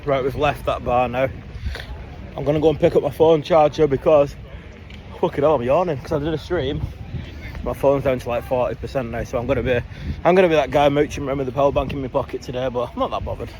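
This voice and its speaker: Chatty lad vlogging outdoors. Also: male voice, medium pitch, fairly even intonation, fast, darkish tone. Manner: chatty, sweary banter. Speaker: travel vlogger. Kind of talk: casual vlog chat. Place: city streets outdoors. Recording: noisy outdoor street audio.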